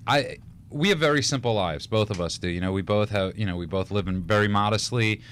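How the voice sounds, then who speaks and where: A man's voice: on the low side, fairly quick, a bit bright, a little hiss or hum. Rambling, laughing male radio co-host. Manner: rambling storyteller with many restarts and laughs. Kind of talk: casual radio talk show chat.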